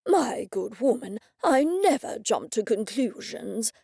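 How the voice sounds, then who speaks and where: A woman voicing a pompous, self-assured older man who is quick to accuse others. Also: fairly high pitch, big pitch swings, creaky, warm tone, breathy edge, no echo, studio quality, exaggerated voice.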